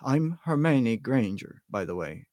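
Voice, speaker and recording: Bossy, prim schoolgirl witch voiced by a man, rattling on, lively pitch. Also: no room sound, studio quality. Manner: fast, prim, lecturing.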